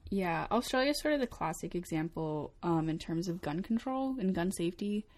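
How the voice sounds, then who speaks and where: A woman's voice: on the low side, expressive, normal speed, a little mellow. A young adult woman co-hosting a casual talk show, chatty, with frequent laughs and fillers. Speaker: co-host. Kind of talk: casual chat.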